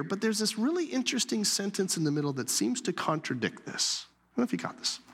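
Husky-voiced pastor preaching in a hall. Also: male voice, sits high, quick pace. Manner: animated, dropping to soft whispers for emphasis. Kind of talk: sermon.

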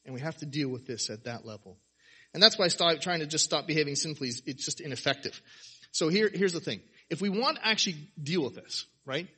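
A man preaching a sermon, animated, firing off rhetorical questions and acting out quotes. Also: on the high side, slightly rough. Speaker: pastor.

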